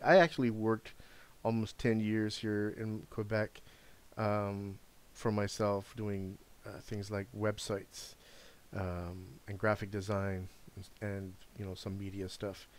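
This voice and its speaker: A man's voice: fairly low pitch, a little mellow. A middle-aged man hosting a live stream, chatting casually in a frank, rambling way and swearing now and then. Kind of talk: casual chat.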